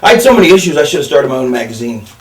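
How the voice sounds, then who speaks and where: A man's voice: mid-range voice, big pitch swings, rapid-fire, distant mic. A man telling a rambling, profane story in casual chat, with many restarts and laughs. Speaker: podcast host telling a story. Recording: roomy sound from away from the mic.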